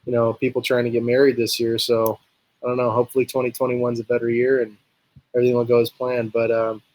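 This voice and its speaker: A man's voice: mid-range voice, completely flat delivery, fast, darkish tone. A young man, a baseball player guest, rambling through a casual story and acting out both sides of conversations in quotes. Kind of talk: casual storytelling on a live talk show.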